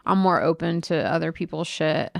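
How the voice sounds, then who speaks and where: A woman with a gravelly, fry-edged voice tells stories in an animated, exasperated way, swearing freely. She is co-hosting a casual studio chat, recorded close to the mic in a dry, dead room. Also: sits low, moderate pace, no room sound. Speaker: podcast co-host.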